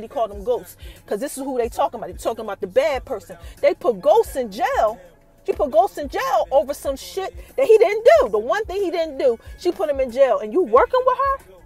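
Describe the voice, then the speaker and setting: Podcast host, woman, high voice, slangy animated recap with teasing build-ups. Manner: slangy, conversational storytelling. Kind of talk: casual TV episode recap.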